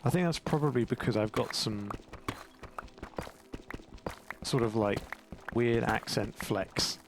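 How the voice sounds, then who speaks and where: A man's voice: medium pitch, normal speed, noisy background. A young English man with an English accent chatting in a rambling, self-mocking way while commentating his gameplay. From England. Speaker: gaming YouTuber. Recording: game music playing behind.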